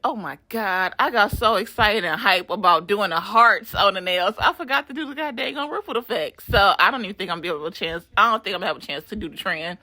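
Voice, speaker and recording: A middle-aged woman giving a casual, animated voiceover for a nail art vlog, laughing and swearing as she chats from a room at home. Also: medium pitch, fast talker, few pauses, no room sound, studio quality.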